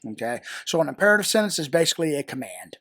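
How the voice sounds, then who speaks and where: A man's voice: fairly high pitch, sing-song, quick pace, fairly bright tone, dry recording, studio quality. A man with a Southern American accent, patiently explaining a grammar lesson with fillers and repeated words. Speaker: teacher. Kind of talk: grammar tutorial.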